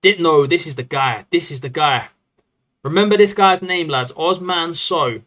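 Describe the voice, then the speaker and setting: Male game streamer, slightly raised pitch, casual rambling live-stream chatter, excitable. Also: normal speed. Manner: chatty, rambling and excitable, often addressing the chat as lads. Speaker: streamer playing a football management game.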